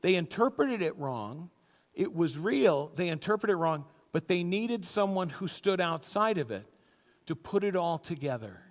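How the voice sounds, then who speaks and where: A middle-aged pastor delivers a storytelling sermon, his voice sitting notably high for a man. He now and then jumps into quoted lines with loud, high bursts. The sound carries a long church-hall reverb. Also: big pitch swings, normal speed. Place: church sanctuary.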